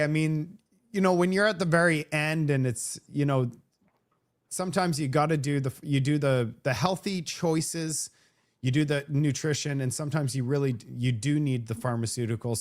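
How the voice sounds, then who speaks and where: A man from Canada whose first language is French, hosting a live stream in casual chat, rambling with many restarts and fillers. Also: medium pitch. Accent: Vancouver French-Canadian. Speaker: host of a live show.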